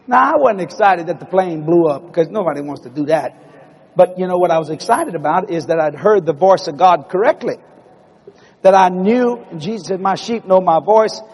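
A middle-aged male preacher telling a story in a sermon in a church, animated and breaking into loud exclamations. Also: a little high, slightly rough, long reverb tail. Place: church building.

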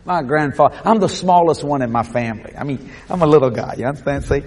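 A Cajun man preaching, telling a story animatedly, shouting out the voices he quotes and laughing often. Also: on the high side, quick pace, a little hiss or hum. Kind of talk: sermon storytelling.

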